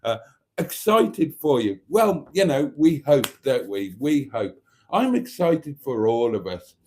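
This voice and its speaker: A man's voice: mid-range voice, sing-song, takes it slowly, mellow, slight background noise. A man hosting a casual livestream, reading viewer messages aloud in a camp, joking way. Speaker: livestream host. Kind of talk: casual live chat reading comments.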